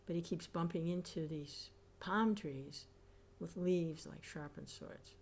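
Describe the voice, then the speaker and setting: A woman reading scripture aloud and commenting on it as a class teacher, reflective and pausing with soft hums. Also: lowish voice, gravelly.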